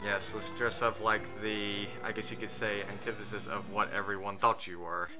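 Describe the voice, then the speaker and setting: A man's voice: fairly low pitch, level tone, normal speed, over loud music. A man co-hosting a cartoon review, sarcastic and mocking, laughing often. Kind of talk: sarcastic commentary chat.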